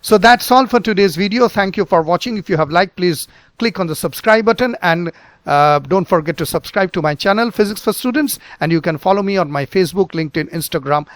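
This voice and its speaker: A man hosting a physics channel, teaching pronunciation slowly with many pauses, fillers and repeated words. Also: high voice, fairly bright tone, no room sound. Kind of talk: pronunciation lesson.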